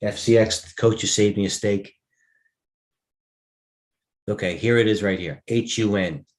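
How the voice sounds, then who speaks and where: A man with a low voice hosts a live trading stream and thinks aloud over his charts. He rambles, drops sentences halfway and jumps to the next thought. The room around him sounds echoey. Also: a little slow. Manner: rambling, offhand, trails off mid-sentence. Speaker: stock market host.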